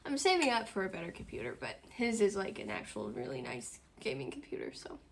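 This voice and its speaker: With a fairly low, gravelly voice, huge pitch swings and a slightly fast pace, the woman in her twenties hosts her dinner livestream at home. Her casual chat is talkative and full of giggles.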